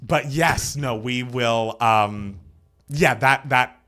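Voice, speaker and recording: A young man co-hosting a live stream, gushing and animated as he chats about an awards show. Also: medium pitch, slow pace. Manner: gushing, animated, reads out viewer comments. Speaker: podcast co-host. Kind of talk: excited live-stream chat.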